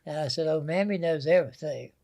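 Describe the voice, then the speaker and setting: Older Southern storyteller, higher voice. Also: male voice, quick pace, gravelly, warm tone. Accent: Southern American. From American South. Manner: folksy, anecdotal storyteller. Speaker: guest. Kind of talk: storytelling interview.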